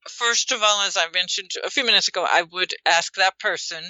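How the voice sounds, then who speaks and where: A woman guest counselor giving relationship advice on a remote call, calmly laying out feelings as a run of self-questions. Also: mid-range voice, brisk, no room sound, poor audio. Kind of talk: advice in an interview.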